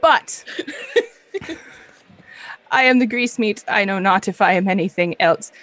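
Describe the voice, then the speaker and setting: A woman's voice: medium pitch, unhurried, a bit bright, no echo, natural voice. A woman voicing a talking meatloaf that speaks in a grandly formal, old-fashioned way. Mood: grandiose. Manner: grandly formal, archaic speech. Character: talking meatloaf, pompous and gentle, high-voiced.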